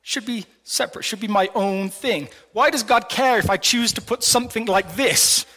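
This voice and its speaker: A man's voice: high voice, moderate pace, pushed and bright. A middle-aged man preaching a sermon to a congregation in a conversational, playful way, asking many rhetorical questions. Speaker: pastor. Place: large hall before a congregation. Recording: long hall reverb.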